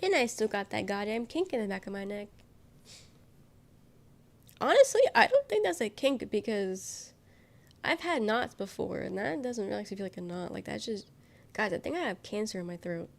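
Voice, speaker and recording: A woman's voice: mid-range voice, lively intonation, normal speed, vocal fry. Nasal-sounding sick young woman streamer. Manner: rambling, giggly, swears freely. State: sick, congested. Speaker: live streamer. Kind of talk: casual chat with live viewers.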